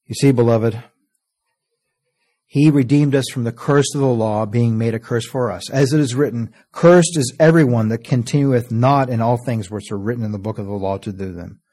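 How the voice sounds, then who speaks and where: A man delivers an earnest sermon in a warm, mellow voice of middle pitch. He slows to stress each word when reading scripture and lets his phrase ends sink low and quiet. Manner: earnest, often trailing off softly at phrase ends; reads scripture in slow, stressed King James cadence. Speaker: preacher.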